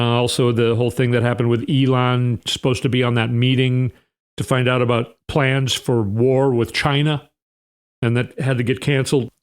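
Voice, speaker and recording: A man's voice: medium pitch, clear, resonant tone. A man hosting a podcast, rambling through sarcastic, opinionated political commentary. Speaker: podcast host.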